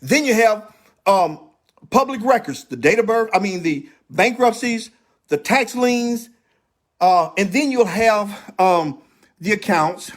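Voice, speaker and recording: A man's voice: sits high, lively intonation, takes it slowly. A man hosting a casual livestream about credit repair, emphatic and repetitive, speaking straight to his viewers. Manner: emphatic, repeats himself, talks straight to viewers.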